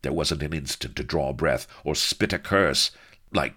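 A man's voice: a bass voice, expressive, a little slow, pushed and bright, breathy edge. A man reading a story aloud with playful, theatrical storytelling. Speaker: audiobook narrator. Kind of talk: scripted narration.

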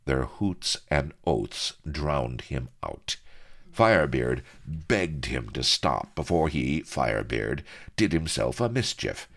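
A man narrating an adventure story in expressive scripted narration. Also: a bass voice, slow pace, vocal fry. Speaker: audiobook narrator.

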